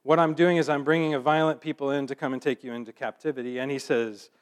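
A man giving a sermon, reading scripture aloud and then explaining it in a relaxed, conversational way. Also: mid-range voice, fast talker, hardly any pauses. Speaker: preacher.

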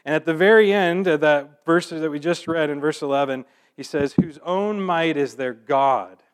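A man giving a sermon, reading scripture aloud and then explaining it in a relaxed, conversational way. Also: fairly high pitch, normal speed, clean tone. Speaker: preacher.

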